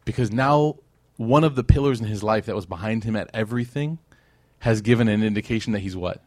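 A male teacher of an Islamic class lectures casually and conversationally, checking in with "right?" and acting out quotes. His fairly low, darkish voice moves at a fairly quick pace in a dry, close-up recording.

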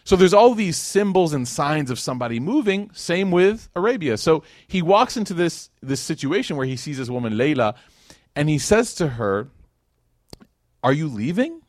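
A man tells a story as a casual lecture, chatty and loose, often checking in with the listeners and acting out the quotes. His voice sits in an ordinary middle pitch. The sound is dry and close, with no room echo. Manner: conversational, many fillers like "like" and "right?", acts out quotes. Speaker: speaker teaching Islamic history.

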